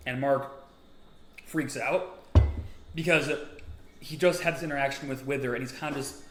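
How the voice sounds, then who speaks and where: A man co-hosting a casual book discussion, retelling the plot and acting out the characters' lines in quick asides. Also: medium pitch, fairly bright tone, a little hiss or hum. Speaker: podcast co-host. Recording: roomy echo.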